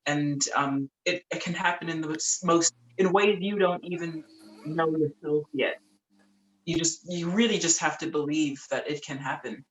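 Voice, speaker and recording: A woman from Tonga, a podcast guest, telling stories in a lively, chatty way full of "like" and "um". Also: sits low, normal speed, echoey room, a little hiss or hum, rough recording. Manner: lively, chatty, many fillers like "like" and "um". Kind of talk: casual storytelling in a podcast interview.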